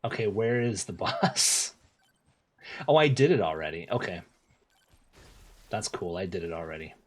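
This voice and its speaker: A young man streaming a game, chatting casually with viewers in relaxed slang, repeating phrases and laughing often. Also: deep voice, normal speed. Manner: laid-back slang, lots of laughing and repeating himself. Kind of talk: casual gameplay streaming, reading chat.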